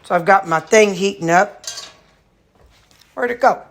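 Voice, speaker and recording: A woman's voice: medium pitch, measured pace, slight background noise. A woman vlogging casually at home, rambling through her chores and morning routine while talking to her dogs. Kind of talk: casual home vlog chat. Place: at home, kitchen and storage room.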